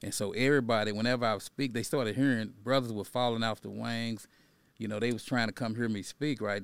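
A man's voice: fairly low pitch, creaky, fairly bright tone, clean tone, no room sound. A middle-aged man, a guest and activist, telling a personal story in a conversational way, often tagging his sentences with "right?" and building to an emphatic, preaching tone. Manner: conversational, tags lines with "right?" and "you know". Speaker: podcast guest, activist and educator.

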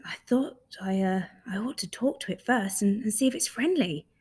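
A woman doing a soft, hesitant toy bear. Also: mid-range voice, animated, normal speed, slightly rough.

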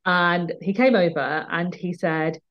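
A woman's voice: on the low side, unhurried. A woman, a guest who runs her own company, telling candid stories of speaking up at work, acting out what people said. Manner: emphatic, recounting confrontations with quoted dialogue. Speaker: guest, business owner. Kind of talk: candid storytelling in conversation. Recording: dull lo-fi sound.

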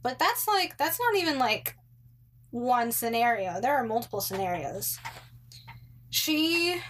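A woman's voice: a little high, big pitch swings, measured pace, a bit bright, slight background noise. A young woman casually telling a story about a roommate, full of "like" and "um", with sarcastic asides. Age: young adult. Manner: chatty, many likes and ums, sarcastic asides.

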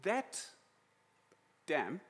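Animated South African preacher, a man. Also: drawn-out words. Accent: South African English. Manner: animated, emotional storytelling. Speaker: pastor. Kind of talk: sermon.

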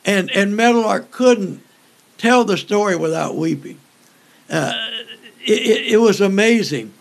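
An older man, an evangelist, telling folksy stories in an interview, joking and pausing often with fillers. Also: high voice, lively intonation, gravelly. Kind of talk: storytelling in an interview.

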